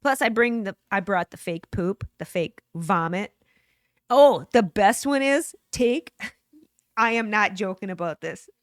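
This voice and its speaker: A woman's voice: medium pitch, lively intonation, takes it slowly, no echo, studio quality. A woman co-hosting a casual podcast, playful and giggly as she talks about pranks. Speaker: podcast co-host. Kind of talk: casual chat.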